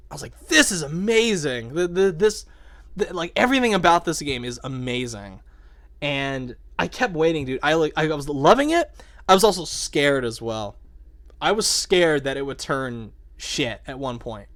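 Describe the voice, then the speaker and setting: A young man chatting excitedly about a video game, swearing and saying "like" a lot as the show's host. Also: medium pitch. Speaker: podcast host. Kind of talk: casual game discussion.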